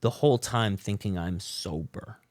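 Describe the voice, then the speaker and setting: A man speaks in a low, relaxed voice as a podcast guest and tells his own story. His talk is slangy and loose, with plenty of fillers and restarts. The sound is dry and close, with no room around it. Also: moderate pace, dry recording. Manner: laid-back and slangy, with many fillers and restarts. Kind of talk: casual storytelling about his recovery.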